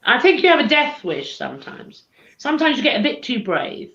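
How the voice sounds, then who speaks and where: A woman co-hosts a casual live chat show in a slightly high, sing-song voice that is gravelly yet fairly bright, talking fairly quickly. She's chatty and teasing and laughs often, and the stream audio is dull and lo-fi from an echoey room.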